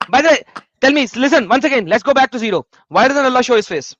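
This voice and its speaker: A man's voice: extremely high pitch, animated, fast, fairly bright tone, no room sound, muffled recording. A man hosting a live debate stream, blunt, mocking and combative.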